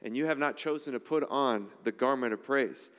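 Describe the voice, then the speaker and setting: A man's voice: medium pitch, normal speed, a bit bright, big-room sound. A man preaching a sermon in a conversational, emphatic style, checking in with the congregation often. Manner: emphatic, conversational preaching with frequent "all right?" asides. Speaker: pastor.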